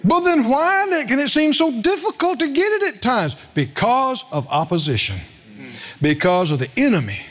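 A male preacher delivers a sermon in a notably high voice. His pitch leaps around as he tells stories, acts out quoted lines and keeps asking the congregation questions. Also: sing-song, normal speed, a bit bright. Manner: storytelling with acted quotes, asks the congregation questions. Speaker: pastor.

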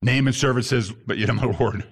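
A man preaching an animated sermon as a messianic pastor, rising to shouts at times and using Hebrew terms. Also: mid-range voice, fairly quick, slightly rough.

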